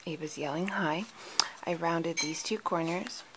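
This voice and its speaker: A woman's voice: on the low side, a little slow, very noisy. A woman casually walking through her handmade cards, chatty, stumbling over product names and apologizing. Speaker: card-making crafter. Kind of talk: casual craft show-and-tell.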